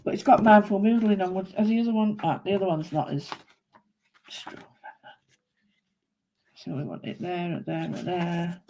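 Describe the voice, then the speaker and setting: A woman's voice: fairly low pitch, fairly even intonation, normal speed, long pauses, warm tone, slight background noise. Chatty woman crafting on camera. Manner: chatty, rambling, thinks aloud to viewers. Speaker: craft vlogger. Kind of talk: casual chat while doodling.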